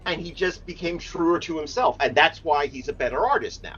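A man's voice: on the high side, brisk, fairly bright tone, breathy edge. A man chatting casually on a podcast, opinionated and emphatic, swearing freely. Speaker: podcast co-host. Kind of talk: casual chat. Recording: dull lo-fi sound.

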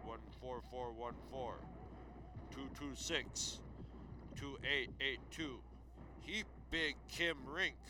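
A man's voice: mid-range voice, slow pace, noisy background. A man reading phone book listings aloud as a comic bit, with jokey asides. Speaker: comedic phone book reader.

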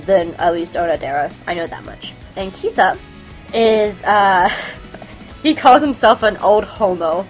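A woman hosting a podcast, chatting casually and excitedly about anime, giggling and gushing as she talks. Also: mid-range voice. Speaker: podcast host. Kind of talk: casual anime review chat.

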